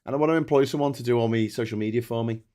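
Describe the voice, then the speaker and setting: A man hosting a late-night live stream in a casual chatting style. His medium-pitched voice jumps from relaxed talk to loud, excited bursts when he hypes up the audience. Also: rapid-fire. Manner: energetic, loud bursts when hyping super chats. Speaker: livestream host.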